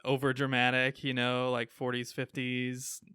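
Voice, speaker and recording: Smooth-voiced Midwestern man. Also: mid-range voice, monotone, measured pace, sharp tone, no room sound, studio quality. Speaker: podcast co-host. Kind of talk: casual chat reviewing comics.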